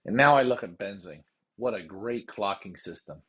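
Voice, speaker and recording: A man hosting a pigeon racing show, ranting heatedly with lots of profanity and repetition, then calmly explaining how he handles his birds. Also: on the low side, normal speed, breathy edge, narrow, tinny audio. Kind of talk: casual livestream talk.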